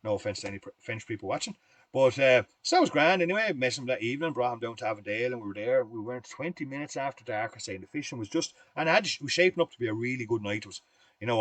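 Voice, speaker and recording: Fast-talking Irish man, dry close sound. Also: mid-range voice, expressive, fairly bright tone, dry recording. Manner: rambling storyteller, chatty and folksy. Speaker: fly-tying instructor. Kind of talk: live fly-tying demonstration with anecdotes.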